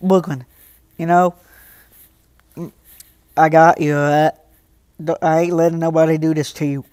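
Teen boy livestreamer, high and smooth, dry close sound, chats straight to viewers and flares up fast. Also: fairly even intonation, a little mellow, no room sound. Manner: talks straight to chat, quick to anger, protective. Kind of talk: casual livestream chat.

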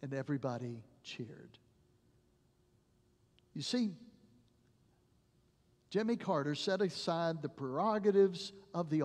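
A male pastor delivers a sermon in a church sanctuary, slow and deliberate. His voice is fairly high, and he tells stories dramatically, falling to a hush at phrase ends. A long reverb from the hall trails every line.

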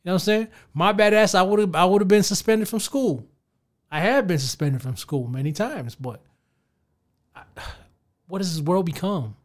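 High-voiced man ranting on a podcast. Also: normal speed. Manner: profane, animated, talks straight to listeners. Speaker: podcast host. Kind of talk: casual ranting commentary.

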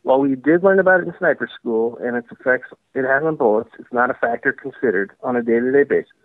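A man talks casually over a narrow, tinny phone line with no room sound at all. He is easygoing and agreeable and speaks at a middle pitch. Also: quick pace, no echo. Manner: casual, agreeable, laughs easily. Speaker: caller. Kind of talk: phone call-in conversation.

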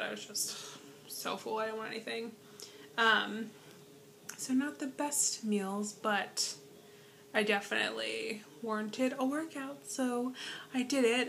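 A young woman chats rambly and casually to an iPad propped on her bed. Her voice sits a little high, and she trails off into soft whispered asides. Faint room noise hums behind her. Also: creaky. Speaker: vlogger. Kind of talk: casual chat to camera. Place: bedroom at home.

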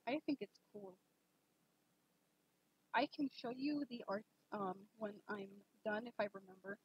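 A young woman streaming a game, chatting casually and rambling with lots of fillers, gushing excitedly at times. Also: medium pitch, unhurried, husky. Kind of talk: casual live-stream chat. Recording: dull lo-fi stream mic.

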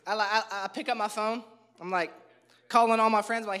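A male pastor preaching a humorous, storytelling sermon to a live church congregation, animated and self-mocking, with emphatic repetition. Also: high-pitched, fairly quick, clean tone.

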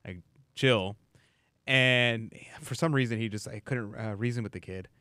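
A man hosting a talk radio show, telling stories and reading listener messages at an easy pace. His voice is smooth and clear, recorded dry in a studio. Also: medium pitch, normal speed, dry recording. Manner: relaxed storytelling, reads listener messages. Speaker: radio host. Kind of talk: casual talk radio chat.

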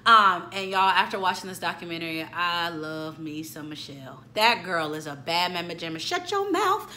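A woman in her late twenties reviewing a film in a chatty, animated way, talking straight to her viewers. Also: on the low side, moderate pace, slight background noise. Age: late 20s. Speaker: YouTube movie reviewer. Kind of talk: casual chat review.

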